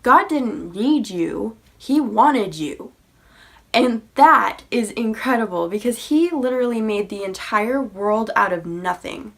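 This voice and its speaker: A woman's voice: a little high, lively intonation, takes it slowly, a bit bright. A young woman talking sincerely to her viewers about faith and insecurity, in a casual way with many fillers. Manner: sincere, uses many fillers like "you know" and "like". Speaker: faith vlogger. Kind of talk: earnest encouraging talk to camera.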